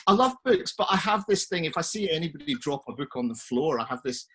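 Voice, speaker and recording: A man, a crime writer, chatting on an online panel as an animated, laughing storyteller. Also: on the high side, fast, breathy edge. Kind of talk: casual online panel chat. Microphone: video call.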